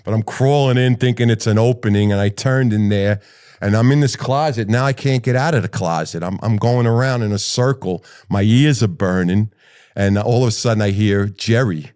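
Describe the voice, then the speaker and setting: A middle-aged man, a retired firefighter, telling personal stories in an animated way and swearing freely. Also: on the low side, moderate pace, smooth. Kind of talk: personal storytelling.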